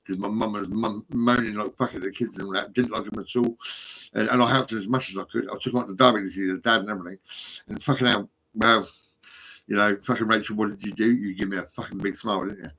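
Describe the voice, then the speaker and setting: Husky, rambling, profane middle-aged Englishman. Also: on the low side, steady tone, quick pace, bright, forceful tone. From England. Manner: rambling, profane, agitated, swings between mumbling and outbursts. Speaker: vlogger. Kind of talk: rambling monologue to camera. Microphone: phone.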